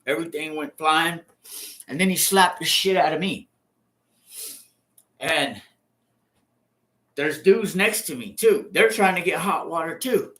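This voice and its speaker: 50s guy telling a prison story, kinda high bright voice, cusses a lot and makes slap noises. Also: unhurried, long pauses. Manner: profane, repetitive, acts out the scenes with sound effects. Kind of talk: casual spoken storytelling.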